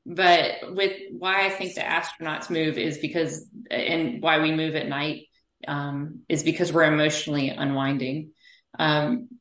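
Guest spot: low-pitched woman, animated storyteller, physical therapist, roomy echo on her. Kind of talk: conversational interview.

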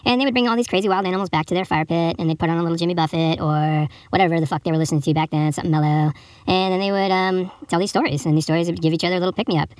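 A man's voice: a little high, fairly even intonation, very fast, no echo. A man hosting a podcast, telling improvised comic stories in a crude, rambling, profane way and breaking into a read fable with jokey asides. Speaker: podcast host.

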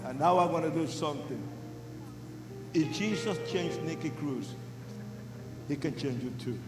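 An older man preaching a testimony sermon with English, impassioned and shouting at the peaks. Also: a little high, measured pace, music in the background. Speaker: evangelist. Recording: roomy hall sound.

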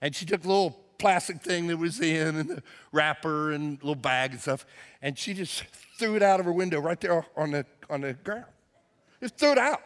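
A man preaching a sermon as pastor, telling a story and shouting lines out for emphasis. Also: fairly high pitch, expressive. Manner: storytelling, shouts for emphasis, drawn-out slow phrases. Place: church auditorium. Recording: long hall reverb.

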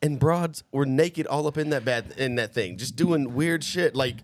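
A man's voice: medium pitch, moderate pace. A man co-hosting a casual podcast chat, talking in a laid-back, rambling, slangy way.

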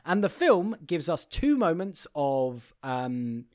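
A man's voice: on the high side, big pitch swings, takes it slowly, darkish tone. A man co-hosting a casual film chat, rambling and opinionated with frequent restarts. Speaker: podcast co-host.

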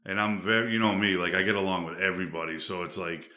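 Casual male podcast guest: low voice, rambling and relaxed, echoey room. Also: quick pace. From Boston suburbs, USA. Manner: rambling, laid-back, many fillers. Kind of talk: casual chat. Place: studio. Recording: roomy echo.

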